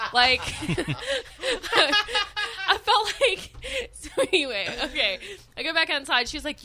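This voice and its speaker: A woman's voice: high-pitched, sing-song, a little slow, bright, forceful tone. A young woman co-hosting a radio morning show, telling a story in casual chat, laughing and acting out other people's lines.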